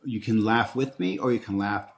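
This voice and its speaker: Guest, 60s male, Boston accent, slightly deep, jokey and reflective. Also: steady tone, moderate pace. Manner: joking, upbeat, reflective. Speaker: interview guest. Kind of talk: conversational interview.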